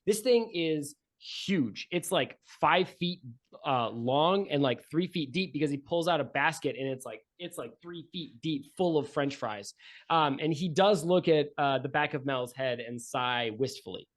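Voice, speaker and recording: A man's voice: a little high, animated, measured pace. A casual, joking male game master. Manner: casual and joking, with many fillers. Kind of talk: narrating a tabletop game.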